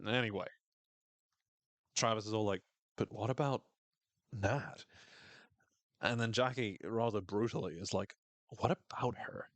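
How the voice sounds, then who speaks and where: A man's voice: lowish voice, unhurried, pauses often, dry recording. A man co-hosting a podcast, recapping a TV episode in a casual, wry way and acting out quotes. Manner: dry, wry humor, reads quotes in a voice.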